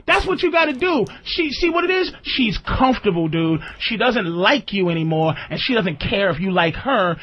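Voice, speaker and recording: A man with a very high-pitched voice rants on a radio talk show, cursing and arguing hard with a caller. The broadcast sound is muffled and dull. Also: very animated, moderate pace, few pauses. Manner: profane, ranting, argumentative.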